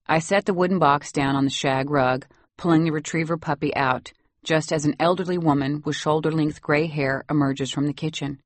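A woman's voice: low voice, fairly even intonation, normal speed, no echo. A woman narrating a first-person story in an audiobook with wry, dry humor.

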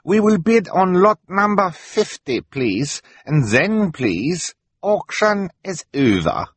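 A man voicing a sly, scheming foreign male auctioneer who speaks in slow, deliberately broken English. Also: high voice, big pitch swings, slightly rough, no room sound, voice pushed up, full character voice.

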